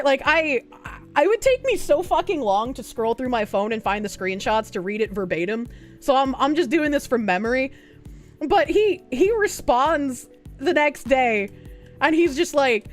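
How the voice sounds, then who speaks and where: A very high-voiced woman streamer spins a casual story with animated energy. She swears freely, laughs often and mocks the people she quotes. Faint music plays behind her.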